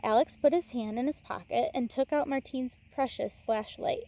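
A woman teacher reading a novel aloud in a relaxed way, breaking off for chatty asides to her listeners. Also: high voice, moderate pace.

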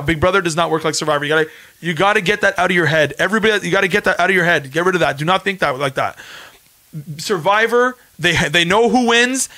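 A man's voice: sits high, pushed and bright. A Canadian man in his thirties hosting a casual livestream podcast, talking emphatically, repeating his points and reading viewer comments. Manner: emphatic, repeats himself, insistent. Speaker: podcast host and former reality show contestant.

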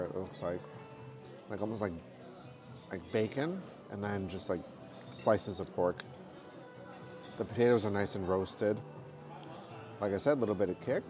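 Male travel vlogger, low voice, easygoing chatty reviewer, background music. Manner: chatty, relaxed food reviewing. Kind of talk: casual vlog chat. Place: theme park restaurant, then hotel.

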